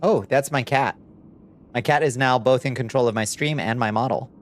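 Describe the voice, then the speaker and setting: A man's voice: mid-range voice, normal speed. A man chatting casually on a live stream, swearing freely and cooing at his cat between remarks.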